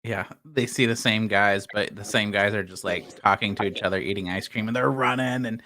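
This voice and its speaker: A man's voice: fairly low pitch, a little fast, bright, forceful tone. A man co-hosting a casual podcast about movies, hedging loosely with lots of filler words. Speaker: podcast co-host. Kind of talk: casual movie-review chat.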